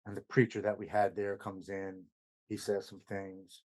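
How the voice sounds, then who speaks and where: Low-voiced man telling a personal story. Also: flat delivery, moderate pace, a little mellow. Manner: retells events with much quoted dialogue. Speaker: podcast guest. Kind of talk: casual storytelling.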